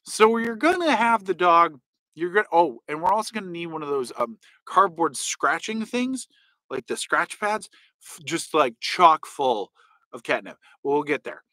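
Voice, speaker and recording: A man's voice: on the high side, big pitch swings, unhurried, sharp tone, no room sound. A man hosting and answering comments in a rambling, jokey casual chat. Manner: rambling, jokey, goes off on tangents.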